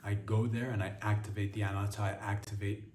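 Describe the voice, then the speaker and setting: A man hosting a comedy podcast, rambling through crude, deadpan absurd stories in a casual monologue. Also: fairly low pitch, fast. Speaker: podcast host. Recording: roomy sound, distant from the mic, faint background hiss.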